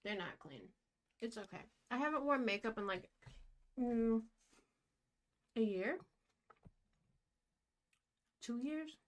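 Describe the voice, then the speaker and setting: A young woman vlogging as she paints, talking in a giddy, gushing, excitable way. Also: on the high side, takes it slowly, long pauses. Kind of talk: casual vlog talk to camera.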